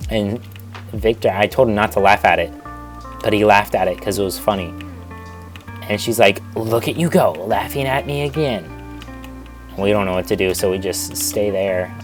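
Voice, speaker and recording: A man's voice: fairly low pitch, little pitch movement, moderate pace, pauses often, soft background music. A young man casually telling a rambling school story in a storytime vlog, digressing and restarting often. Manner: rambling, digressive, self-interrupting.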